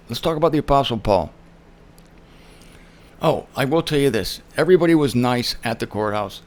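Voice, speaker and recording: A man hosting his own show, telling a story in an emphatic monologue and acting out the people he quotes. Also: mid-range voice. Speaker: show host. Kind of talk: casual monologue.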